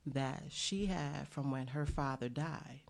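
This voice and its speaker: A woman's voice: extremely low pitch, slow, creaky. A middle-aged woman from the United States, talking as a guest in an interview and telling an earnest story with many fillers. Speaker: bakery owner, guest.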